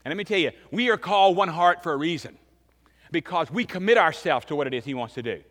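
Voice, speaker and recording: A man in his fifties preaching a sermon as pastor, emphatic, swinging between loud and hushed. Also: a little high, lively intonation, quick pace. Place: church sanctuary. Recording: long reverb of a large church hall.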